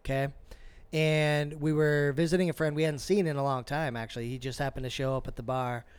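Animated, profane man telling a story. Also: a little high, a little fast, smooth, no echo. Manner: animated, profane, acts out quotes. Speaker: podcast co-host. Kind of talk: casual storytelling chat.

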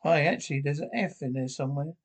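A man's voice: fairly high pitch, fast. An actor playing an earnest young male activist who goes door to door, stiffly polite and stumbling over his words.

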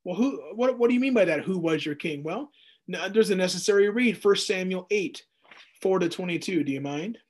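Man teaching the Bible, high voice, playful, animated, acts out quotes. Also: a little fast.

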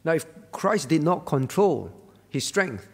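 A man's voice: fairly high pitch, big pitch swings, measured pace, slightly rough, in a large hall. A male pastor preaching a sermon at a prayer meeting, earnest, teaching with rhetorical questions and fillers. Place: church.

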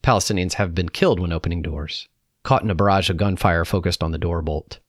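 A man reading a personal reflection aloud in a calm, measured way. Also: low voice, dry recording, studio quality. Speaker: narrator.

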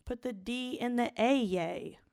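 Young woman, podcast co-host, blunt, profane, lively storytelling, casual. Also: fairly high pitch, a little slow, gravelly, dry recording, clean studio sound. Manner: blunt, profane, animated retelling.

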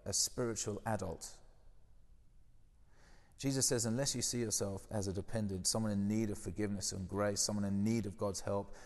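Man, preacher, low voice, conversational sermon, reverberant sound. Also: darkish tone. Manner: conversational, asks the listeners questions.

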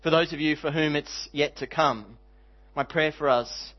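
A man's voice: fairly high pitch, muffled recording. Earnest male pastor preaching. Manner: earnest, slows for emphasis, reads scripture aloud. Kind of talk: sermon.

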